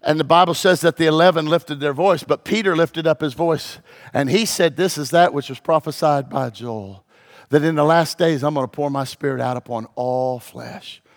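A man preaching as a pastor, moving from hushed, low passages to loud, shouted peaks. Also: normal speed. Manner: dramatic, swings from hushed to shouting. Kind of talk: sermon. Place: church.

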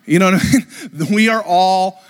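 A man in his thirties, a pastor, giving a lively, joking live sermon to his congregation, with lots of fillers and restarts. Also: high voice, moderate pace, smooth. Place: church sanctuary with a congregation. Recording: long reverb of a church hall.

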